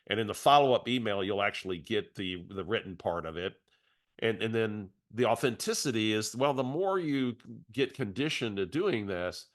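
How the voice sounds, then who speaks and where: A middle-aged man coaching real estate agents in a webinar, talking conversationally and restarting his phrases as he tells a story. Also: fairly low pitch. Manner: conversational, repeats words as he restarts. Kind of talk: webinar coaching talk with anecdote.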